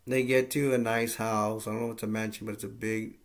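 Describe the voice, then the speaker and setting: Low, flat, gravelly-voiced man. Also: quick pace. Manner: rambling, plain-spoken, with frequent fillers. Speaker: movie reviewer. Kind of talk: casual movie plot recap.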